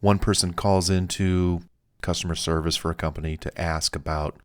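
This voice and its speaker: A man's voice: low-pitched, steady tone, normal speed. A man narrating a self-help audiobook in a casual, anecdotal way, with fillers and the odd chuckle.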